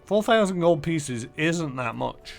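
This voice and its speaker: Gravelly guy streaming a game, mumbling stats, faint music behind. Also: a little high, expressive, measured pace. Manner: muttering through menus and numbers. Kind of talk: casual gameplay commentary.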